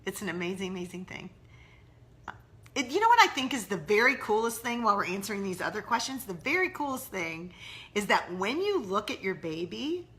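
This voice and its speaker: Bright-voiced, earnest woman hosting a live stream. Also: mid-range voice. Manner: earnest and candid, chatty with viewer comments. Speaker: host of a live mom-mentoring broadcast. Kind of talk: casual live-stream talk answering viewer questions. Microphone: live-stream webcam or phone.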